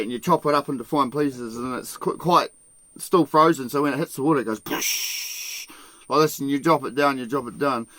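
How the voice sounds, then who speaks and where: Recorded with no room sound, this fairly high-pitched man acts as a podcast host recounting a lengthy tale from his job. Profanity comes constantly, laughter often, and he performs his former colleagues' shouting.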